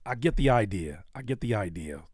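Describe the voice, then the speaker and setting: American guy riffing on viewer tracks live, pitch jumping all over, dry close sound. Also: animated, a little fast, husky, no room sound. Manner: loud, joking, swings from shouts to low mutters. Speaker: rapper reacting to viewer music on a live stream. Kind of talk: animated live reaction commentary.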